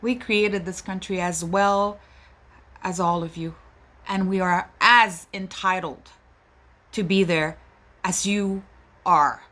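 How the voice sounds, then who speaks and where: A woman speaks slowly and deliberately in a bright, forceful voice. Her monologue is impassioned and pleading, full of indignation as she addresses her listeners directly as a mother. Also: medium pitch, fairly even intonation.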